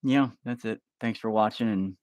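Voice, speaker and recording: Man, low voice, rambling casual vlog, swears a lot, dry close sound. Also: normal speed, darkish tone, dry recording. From Oklahoma. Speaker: vlogger. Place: at home, kids nearby. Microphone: phone held up.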